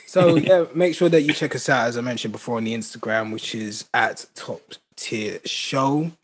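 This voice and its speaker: A man's voice: medium pitch, normal speed. A young man hosting a podcast, joking and teasing his co-hosts in casual banter. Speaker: podcast host. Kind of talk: casual chat.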